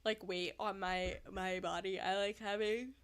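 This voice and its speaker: A woman's voice: medium pitch, flat delivery, unhurried, smooth, no echo. A young woman in casual chat to her viewers at home, sleepy and yawning, often giggling. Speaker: streamer. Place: indoors at home.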